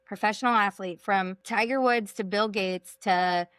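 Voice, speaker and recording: Woman from Texas, sales coach on a podcast, emphatic and energetic, smooth clear voice, dry close sound. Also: mid-range voice, moderate pace, no echo. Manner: emphatic, energetic, repeats points for punch. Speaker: executive coach and sales trainer, guest. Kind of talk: podcast interview conversation.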